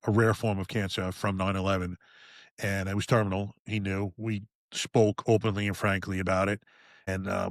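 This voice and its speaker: Brief: man, 50s, ex-cop guest, candid and profane storytelling, lowish voice, dry close sound. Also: no room sound. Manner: frank and profane, with halting restarts. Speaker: podcast guest, retired police officer.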